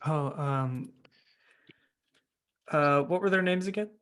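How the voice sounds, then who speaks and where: A man playing in a tabletop game, chatting casually and thinking aloud with hesitant pauses. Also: fairly high pitch, fairly bright tone, clean tone. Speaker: player.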